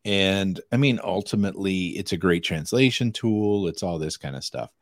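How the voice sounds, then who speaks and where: A man's voice: deep voice, moderate pace, no echo, clean studio sound. A man co-hosting a podcast in casual chat, telling stories animatedly and acting out quoted dialogue. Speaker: podcast co-host.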